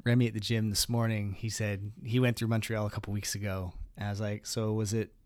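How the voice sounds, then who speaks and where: A man's voice: on the low side, level tone, fairly quick, darkish tone, no echo, studio quality. A man co-hosting a podcast, chatting casually with advice and frequent laughs, often restarting his sentences. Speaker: podcast co-host.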